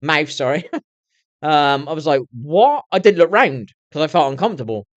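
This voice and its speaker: A man's voice: fairly high pitch, animated, a little fast, no echo, dull audio. A middle-aged man chatting to his viewers on a live stream, swearing constantly and rambling on in a candid way. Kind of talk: casual rambling chat to viewers.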